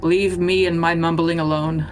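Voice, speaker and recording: A woman co-hosting a podcast, chatting playfully and teasing in quick bursts. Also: lowish voice, little pitch movement, soft background music. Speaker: podcast co-host. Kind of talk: casual chat.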